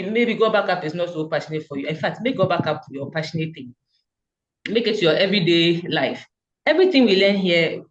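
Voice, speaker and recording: Her community is the subject as a woman speaks with earnest, motivational fervor, offering encouragement on a video call. She has a fairly low pitch, and the audio sounds muffled.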